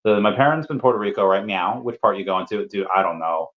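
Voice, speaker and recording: Speaking fast and expressively in a lowish voice, a man hosts a casual livestream. He reads viewer comments aloud and answers them with playful asides, all in dull lo-fi stream audio.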